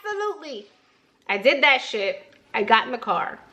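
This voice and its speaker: A young woman speaks in a fairly high voice. She chats casually and bluntly, full of slang and cursing. She retells a personal story on her makeup vlog. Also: normal speed, bright, forceful tone. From New Jersey. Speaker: beauty vlogger.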